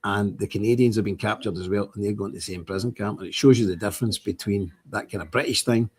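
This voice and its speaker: An older man with an Ulster accent, hosting a livestream in rambling, opinionated casual chat, his voice jumping up when he gets animated. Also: on the low side, fast, husky. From Northern Ireland. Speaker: livestream host.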